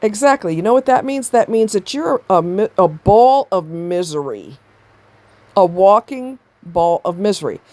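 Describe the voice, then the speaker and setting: A woman's voice: medium pitch, expressive, unhurried, a little mellow, no room sound. A woman giving a blunt, exasperated commentary on a video, swearing freely as she rants. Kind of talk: ranting commentary.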